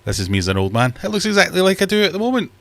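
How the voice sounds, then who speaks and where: Male host, casual and jokey, animated intonation, slightly breathless. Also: high voice, racing, creaky. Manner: chatty, jokey, self-mocking. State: a bit out of breath. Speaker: livestream host. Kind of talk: casual live chat. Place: home fish room.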